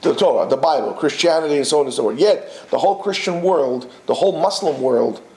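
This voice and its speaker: A man teaching a Torah class to students, animated and full of rhetorical questions and restarts. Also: fairly high pitch, a little fast, reverberant. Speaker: yeshiva teacher.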